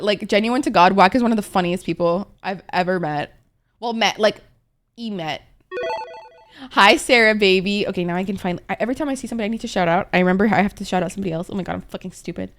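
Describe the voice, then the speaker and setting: A young adult woman streaming, chatting casually with her viewers in a playful, rambling, profane way, often laughing. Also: medium pitch.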